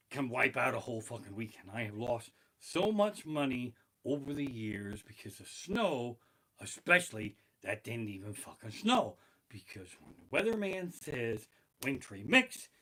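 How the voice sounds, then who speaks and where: A man doing a stand-up comedy rant from his living room on a basic home streaming setup, profane and exasperated, with loud outbursts. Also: on the high side, poor audio.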